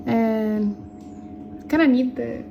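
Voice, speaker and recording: A woman's voice: a little high, takes it slowly, muffled recording. A woman chatting casually on a road-trip travel vlog, loose and rambling, often trailing off and restarting her thoughts. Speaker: travel vlogger. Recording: outdoor recording with clear background noise.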